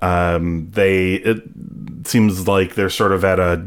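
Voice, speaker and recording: On a relaxed podcast, a man recaps an episode in a notably deep, low-pitched voice with a clear, resonant tone and a slow pace. The casual chat rambles along with lots of fillers and playful asides.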